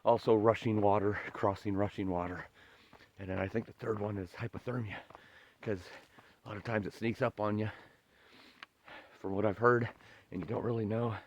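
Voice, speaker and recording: Male hiker vlogger, lowish voice, earnest and emotional, casual trail talk outdoors. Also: steady tone, moderate pace, pauses often, dull audio.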